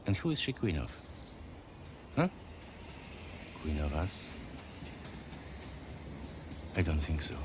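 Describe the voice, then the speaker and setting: A man's voice: a bass voice, very animated, slow pace, pauses often, noisy background, full character voice. A man playing a bitter, hard-drinking Polish immigrant in 1950s Australia, speaking broken English with a Polish accent. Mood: brooding. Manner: broken English, brooding then boisterous. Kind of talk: film drama acting.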